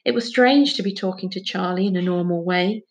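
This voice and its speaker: A woman reading a children's novel aloud, narrating in a clear, steady way. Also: lowish voice, brisk. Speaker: audiobook reader. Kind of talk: storybook narration.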